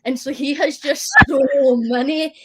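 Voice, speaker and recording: A woman's voice: sits high, steady tone, normal speed, a little mellow. A woman, telling funny work stories in a casual chat with friends and laughing often. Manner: giggly storyteller.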